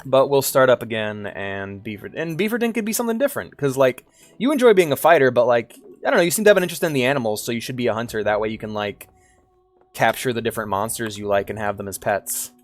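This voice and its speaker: A man's voice: mid-range voice, animated, quick pace. A man streaming a game, chatting casually in a rambling, sheepish way and swearing often. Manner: rambling, sheepish, swears a lot, many restarts. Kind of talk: casual stream chat while gaming.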